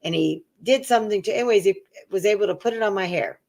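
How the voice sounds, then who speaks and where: Speaking quickly in a gravelly, medium-pitched voice, this middle-aged co-host spins a long personal story during relaxed conversation. She brings it to life by performing the voices of everyone she quotes.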